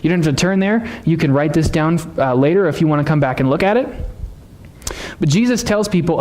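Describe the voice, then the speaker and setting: A man's voice: on the high side, lively intonation, a little fast, a little mellow. A man preaching a sermon in a church, teaching in a conversational way and asking the congregation questions. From United States. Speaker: pastor. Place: church sanctuary.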